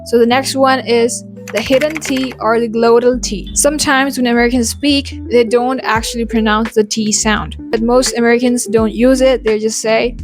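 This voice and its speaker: Young Indian woman coach with an Indian English accent, brightish pitch, drills example words one by one over faint background music. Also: fairly even intonation. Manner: demonstrates words by repeating them slowly. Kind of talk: pronunciation lesson.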